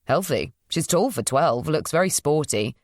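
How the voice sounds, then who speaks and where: A woman voicing Luke, a friendly, easygoing young doctor who is curious and polite and talks gently. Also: fairly high pitch, lively intonation, moderate pace, dry recording, clean studio sound.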